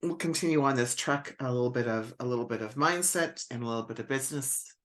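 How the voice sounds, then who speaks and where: Woman coaching with gentle rhetorical questions. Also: rumbling low, fast. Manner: encouraging, searching for words, asks many rhetorical questions; often adds a soft "right?" after points. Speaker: spiritual business coach. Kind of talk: live-stream coaching talk.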